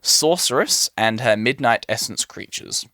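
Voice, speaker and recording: A man's voice: medium pitch, animated, a little slow, sharp tone, dry recording, clean studio sound. A man hosting a casual podcast, explaining fantasy lore with frequent "um" fillers. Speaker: podcast host presenting lore.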